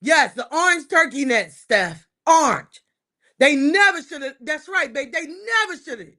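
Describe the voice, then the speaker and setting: A woman's voice: sits high, animated, unhurried. Fired-up woman ranting about her football team. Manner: fired-up, emphatic, repeats lines, swings between shouting and muttering. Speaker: livestream host. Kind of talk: casual sports rant to live chat.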